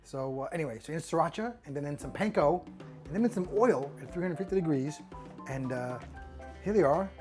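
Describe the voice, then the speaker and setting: A man's voice: on the high side, lively intonation, brisk, music in the background. An older man casually talking through a cooking demo, rambling and hesitant, with self-deprecating asides. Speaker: cook on a fishing show.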